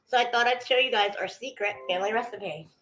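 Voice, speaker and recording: A woman's voice: on the high side, quick pace, a bit bright, poor audio. A woman chatting casually with viewers while cooking, greeting them by name as she goes. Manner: chatty, greets viewers mid-sentence, trails off. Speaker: vlogger cooking on a livestream.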